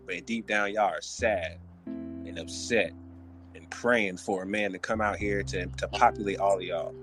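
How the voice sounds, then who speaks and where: A man's voice: low-pitched, unhurried, faint music behind. Slangy man ranting on a podcast. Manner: animated, joking, loose slang. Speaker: podcast host. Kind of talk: casual podcast rant.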